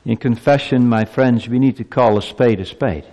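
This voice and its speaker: A man preaching a sermon to his congregation. He builds to emphatic peaks, then drops low and slow. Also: warm tone, big-room sound. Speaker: pastor.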